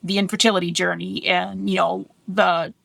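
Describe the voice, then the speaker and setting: Candid mom podcaster with gravelly voice. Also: female voice, lowish voice, flat delivery, moderate pace, fairly bright tone, no echo. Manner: candid, chatty, laughs often. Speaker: podcast co-host. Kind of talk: casual podcast chat.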